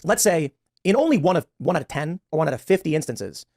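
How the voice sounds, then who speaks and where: A man's voice: a little high, sing-song, gravelly, darkish tone. A man arguing on a podcast, acting out little scenes with quoted voices to make his point. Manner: fast, argumentative, acts out quotes. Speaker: podcast guest. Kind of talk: podcast debate.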